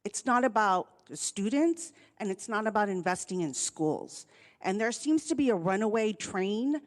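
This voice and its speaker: A union chapter vice president and occupational therapist giving an earnest public comment at a board meeting. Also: female voice, a little high. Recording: long hall reverb.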